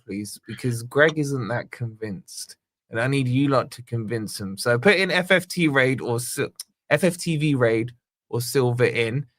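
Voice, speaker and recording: A man's voice: medium pitch, a bit bright, no room sound, clean studio sound. A man hosting a live football fan show, chatting casually with his panel and wrapping up with upbeat sign-offs. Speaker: host.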